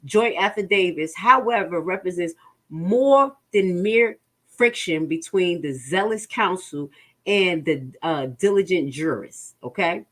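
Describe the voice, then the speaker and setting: A woman's voice: on the low side, expressive. A woman with a New Jersey accent reading a legal motion aloud and explaining it to her viewers, stumbling over words and stopping for asides. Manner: halting reading with many fillers and restarts, asides to the audience. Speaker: legal commentary host.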